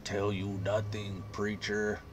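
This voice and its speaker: A man's voice: lowish voice, completely flat delivery, takes it slowly. A man voicing a captive undead male mayor, sneering and defiant, with a grim, hissing manner.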